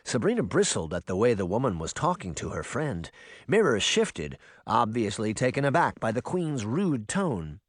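Male narrator for a storybook, mid-pitched, lively delivery, dry studio read. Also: moderate pace, no room sound. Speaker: audiobook narrator.

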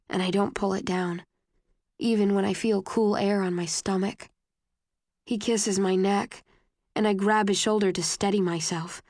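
A woman reads a first-person novel aloud in a slow, soft, intimate manner. Her voice sits at a middle pitch. The recording is close and dry, with no room sound. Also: dry recording. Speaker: narrator. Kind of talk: scripted novel narration.

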